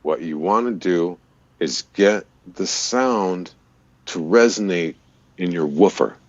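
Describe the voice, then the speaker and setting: A man, a voice-over artist and radio DJ, chatting in an interview and explaining voice technique in an easy way, with a deep, resonant voice. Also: slow pace, no room sound, highs cut off. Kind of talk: casual interview chat.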